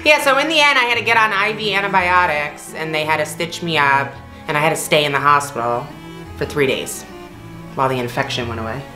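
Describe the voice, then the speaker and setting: A young woman co-hosting a vlog, telling a story in a casual, animated way, acting out quoted voices with big jumps in pitch and laughing often. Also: brisk. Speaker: vlog co-host. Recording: echoey room with faint music.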